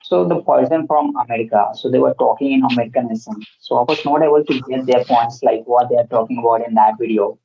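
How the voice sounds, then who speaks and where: A man's voice: mid-range voice, fast talker, creaky, few pauses, a little hiss or hum. A man chatting earnestly in a casual conversation, speaking learner English with many fillers. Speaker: host. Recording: muffled lo-fi audio.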